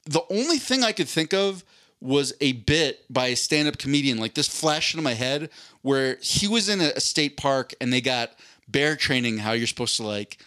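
A man tells a profane story on a podcast. His pitch swings widely as he acts out the characters in it. The sound is dry and close, with no room echo. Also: animated, normal speed, sharp tone. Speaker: podcast co-host. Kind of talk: casual storytelling chat.

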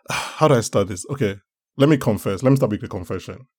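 Husky, excitable man on a podcast. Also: lowish voice, fairly quick. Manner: excitable, exasperated, laughs often. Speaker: podcast guest. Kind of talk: casual podcast chat.

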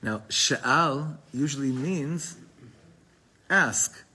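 A man's voice: mid-range voice, lively intonation, very slow, pushed and bright, slight background noise. A man teaching a Torah class, reading Hebrew passages aloud and explaining them in casual, digressive English. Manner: digressive, talkative, with frequent restarts.

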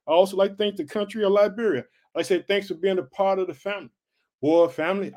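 A man from the United States preaching an excited podcast sermon, repeating call-outs to his listeners. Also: high voice, quick pace. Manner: excited, repeats "guess what" and "did you hear that". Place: home podcast setup in Chicago.

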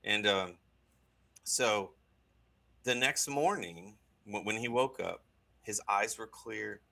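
A man, a guest on a talk show, telling a personal story in an earnest, halting way with many restarts. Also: fairly low pitch, creaky, bright, forceful tone, rough recording.

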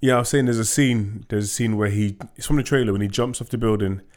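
A man with a lowish voice chats about a film he loved, sliding easily between sincere praise and playful jokes. His talk is loose and conversational, full of small fillers. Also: fast, darkish tone. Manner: joking, playful banter. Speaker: podcast co-host. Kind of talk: casual film review chat.

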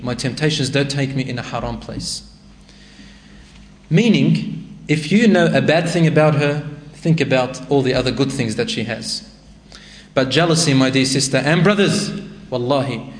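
A man giving a sermon and answering a question in a conversational way that rises to emphatic exhortation. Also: medium pitch. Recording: echoey hall with faint ambience.

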